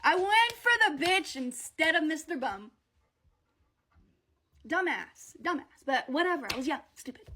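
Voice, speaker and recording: Woman vlogger with a high voice, blunt and profane casual storytelling. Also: animated, unhurried, pauses often, bright, forceful tone.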